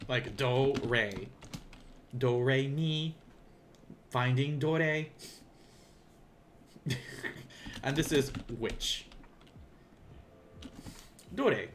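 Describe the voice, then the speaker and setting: A man with a Southern US accent gives a casual language lesson on a livestream, rambling and self-deprecating as he thinks aloud. His voice is medium-pitched, with drawn-out words and long pauses. There is slight background noise, including keyboard typing.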